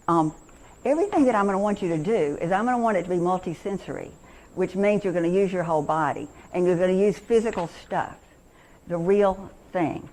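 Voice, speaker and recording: A woman's voice: on the low side, a little mellow, rough recording. A woman in her sixties giving a chatty, encouraging workshop talk on reading to teachers and parents, with many restarts.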